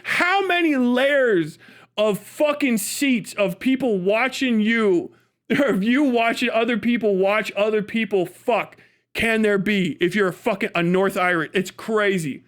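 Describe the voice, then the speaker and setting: A man's voice: high voice, moderate pace, a bit bright. A man hosting a livestream, reacting with profane, mocking commentary and frequent laughter. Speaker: livestream host.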